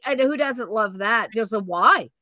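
A woman podcast host in casual chat, talking fast and gushing with enthusiasm. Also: a little high, lively intonation, bright, forceful tone, no echo.

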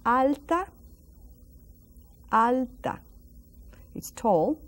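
A Spanish teacher with a slightly high, animated voice runs a lesson on a school broadcast. She repeats words slowly in a sung-out way, patiently drilling them and offering praise and encouragement to viewers.

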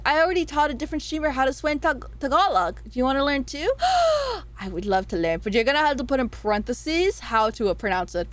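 With a dry recording, we hear a female streamer running through poll results in relaxed livestream banter. She's giggly, excitable, and foul-mouthed, bouncing from high-pitched squeals down to quiet muttering.

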